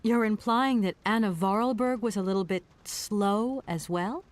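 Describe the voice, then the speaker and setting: A woman's voice: medium pitch, moderate pace, lightly acted. An actress voicing a curious young American woman traveler in an adventure game, with a direct, inquisitive manner.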